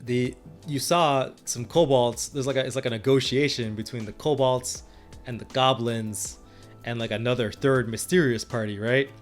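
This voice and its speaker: With faint music playing softly behind him, a podcast co-host chats casually about running tabletop games as game master. His medium-pitched voice stays steady at normal speed while he rambles, frequently restarts, and laughs.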